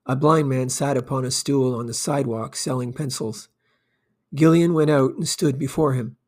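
A man narrating a classic short story as an audiobook, with calm, measured reading. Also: mid-range voice. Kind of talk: scripted narration.

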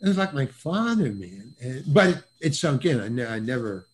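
An older man, a guest actor, telling stories in casual chat over a video call, with stammering restarts and animated voices for the people he quotes. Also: medium pitch, moderate pace. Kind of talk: casual anecdotal storytelling.

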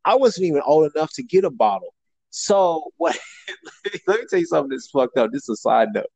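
A man's voice: a little high, brisk, creaky, no room sound, rough recording. A young man casually telling a story, animatedly acting out the people he quotes. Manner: animated, acts out quotes with shifting voice.

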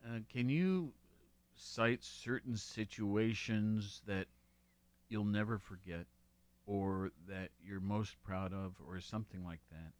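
Male interviewer, low-ish voice, very slow, hesitant phrasing. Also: no echo. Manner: halting, with many fillers and restarts. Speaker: interviewer, host. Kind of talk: interview questions.

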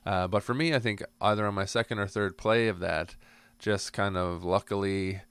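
A man's voice: lowish voice, fairly even intonation, moderate pace, a bit bright, clean tone, no room sound. A man co-hosting a board game podcast, chatting casually and thoughtfully, rambling with restarts. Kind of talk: casual chat.

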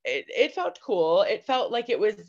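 A woman's voice: mid-range voice, sing-song, normal speed. A woman co-hosting a podcast, talking casually with lots of fillers and quoted asides. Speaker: podcast co-host. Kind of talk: casual chat. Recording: slightly dull lo-fi audio.

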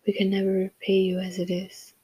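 A woman voicing a humble, grateful female shopkeeper in a story, soft and hushed. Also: medium pitch, completely flat delivery, a little fast, husky, natural voice.

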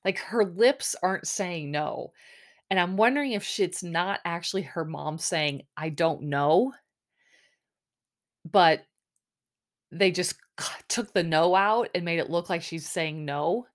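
Chatty woman, slightly low voice. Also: unhurried. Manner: chatty, rambling, lots of "like" and "um". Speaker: podcast host. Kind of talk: casual recap chat.

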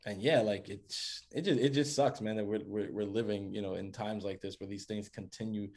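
A man co-hosting a casual sports podcast, talking in a relaxed way and repeating words as he thinks. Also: on the low side, moderate pace. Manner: laid-back, repeats words while thinking, says "man" and "guys". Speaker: podcast co-host.

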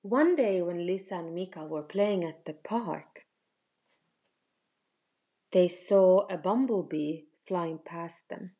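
A woman narrating a children's story slowly and gently. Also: lowish voice, expressive, dull audio.

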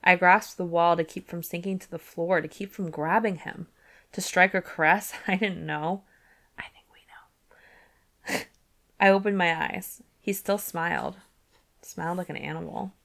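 Woman, podcast host, chatty and giggly, reads aloud, low pitch, heavy vocal fry. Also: steady tone, normal speed, a bit bright. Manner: chatty, giggly asides, filler "like". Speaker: book club podcast host. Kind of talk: casual chat and reading aloud from a novel.

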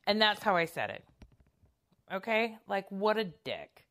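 A woman's voice: mid-range voice, big pitch swings, a little slow, a bit bright. A woman telling a story in casual podcast chat, rambling and self-conscious with many fillers and restarts.

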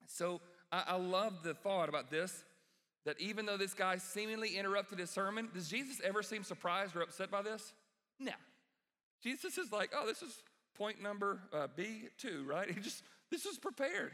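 Pastor type, male, high bright voice, lively preacher who acts out quotes, big hall sound. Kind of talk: sermon. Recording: reverberant hall.

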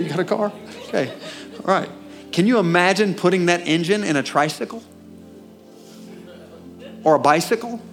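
High-voiced Southern preacher. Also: male voice. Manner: animated, asks the congregation questions, swings from loud to hushed. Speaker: pastor. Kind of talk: sermon. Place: church.

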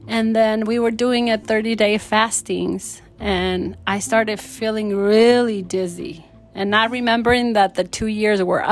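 A woman in her forties fervently telling a personal faith testimony in an interview, acting out the voices in her story. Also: medium pitch. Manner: fervent, animated storyteller who acts out quotes. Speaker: guest sharing her testimony.

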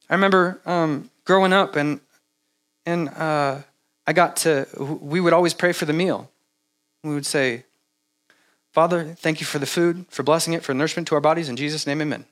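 Male pastor, relaxed conversational sermon, animated delivery, pitch a touch high. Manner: animated, jokey mimicry of repetitive prayer; halting, lots of "like" and restarts.

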